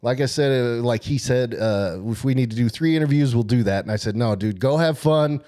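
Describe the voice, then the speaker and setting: Guy on a sports podcast, all fired up, rambling through a story, average pitch. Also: brisk, warm tone. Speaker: podcast co-host. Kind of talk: casual sports podcast chat.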